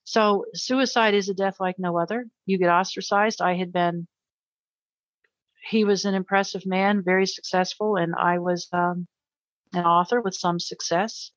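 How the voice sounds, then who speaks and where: A middle-aged woman speaks as an interview guest, her voice sitting somewhat low. She tells her story earnestly, often repeating words for emphasis. The sound is dry and a little dull, like remote call audio. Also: fairly even intonation, moderate pace, dry recording. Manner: earnest, emotional storytelling with repetitions.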